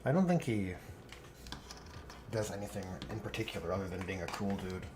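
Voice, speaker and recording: Man, relaxed hobby stream host, dry joking, animated pitch, casual chat. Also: fairly quick, slight background noise. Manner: laid-back, dry joking, reads chat aloud. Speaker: streamer painting miniatures.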